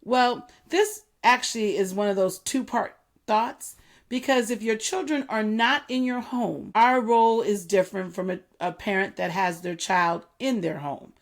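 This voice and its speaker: A middle-aged woman hosting a solo talk, earnest and measured, repeating her key points slowly for emphasis. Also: mid-range voice. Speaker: podcast host.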